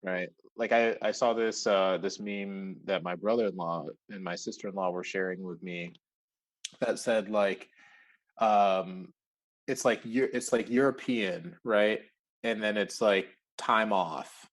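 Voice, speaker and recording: A man talking casually as an interview guest, lively, with lots of fillers and acted-out quotes. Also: lowish voice, a little slow. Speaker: interview guest, recruiting firm founder.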